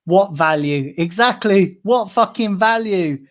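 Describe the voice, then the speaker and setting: At a measured pace and in a voice that sits high, a fan channel host reads viewer chat during his livestream. He rants angrily over and over, swearing heavily as he goes.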